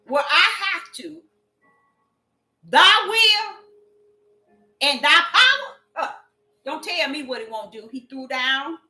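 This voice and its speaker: A woman's voice: high voice, bright, forceful tone. A woman preaching a sermon in an emphatic way, repeating her phrases and drawing out the scripture she reads. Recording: echoey room with faint music.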